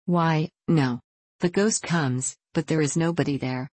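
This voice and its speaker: A woman voicing a frightened, superstitious young ballet girl who tells a ghost secret in a hushed, anxious way, in a storybook reading. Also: deep voice, measured pace, no room sound. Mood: hushed, fearful.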